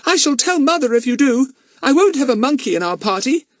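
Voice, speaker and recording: A man voicing a sharp-tongued, bossy young girl in an audiobook, with a shrill, scolding delivery. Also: big pitch swings, brisk, no room sound. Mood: cross, scornful.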